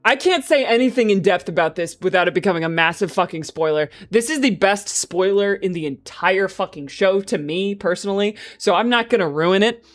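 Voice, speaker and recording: A woman streaming, chatting casually and excitably, swearing and laughing often. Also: mid-range voice, a little fast, hardly any pauses. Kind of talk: casual livestream chat.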